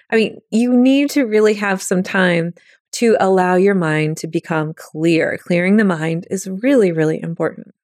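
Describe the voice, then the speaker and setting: A woman's voice: lowish voice, moderate pace, darkish tone, no room sound, clean studio sound. A woman hosting a podcast, teaching in a casual, chatty way and acting out quoted thoughts in little voices. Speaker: podcast host. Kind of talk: casual spiritual teaching talk.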